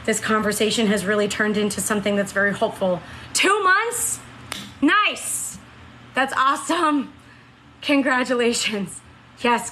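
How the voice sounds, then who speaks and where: A woman's voice: medium pitch, fairly bright tone, slight background noise, low-quality recording. A woman in her late thirties chatting earnestly on a live stream, reading out and answering viewer comments. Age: 30s. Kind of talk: casual live-stream chat.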